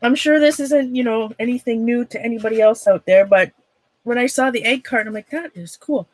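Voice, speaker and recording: A woman's voice: on the high side, a little mellow, no echo, low-quality recording. A woman with a Minnesota accent hosting an art livestream, chatting casually with viewers while she works, rambling and breaking off mid-thought with frequent laughs. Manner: chatty, rambling, self-interrupting, quick to laugh. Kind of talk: casual livestream chat while demonstrating a craft.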